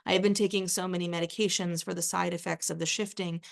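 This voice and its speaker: A woman reads her own literary fiction aloud at a live event in a low, gravelly voice. She keeps her delivery measured and flat, hardly lifting or dropping her pitch, and slips in the odd dry aside. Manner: measured, even first-person reading with a dry aside. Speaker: author reading her own work.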